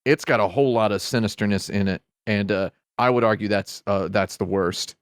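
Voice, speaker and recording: A man on a podcast panel in casual chat, wry and opinionated, given to sudden loud impressions. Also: fairly low pitch, brisk, clear, resonant tone, no room sound, studio quality.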